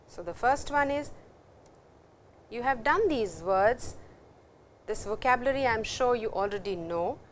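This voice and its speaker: A woman giving a recorded university language lecture, speaking slowly and patiently, repeating words and stressing how they sound. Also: fairly high pitch, expressive, slight background noise. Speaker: language teacher.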